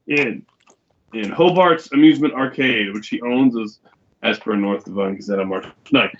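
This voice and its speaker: A man's voice: medium pitch, slight background noise. Man casually reading news stories aloud. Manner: relaxed, hesitant reading with fillers. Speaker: podcast host. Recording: dull, lo-fi recording.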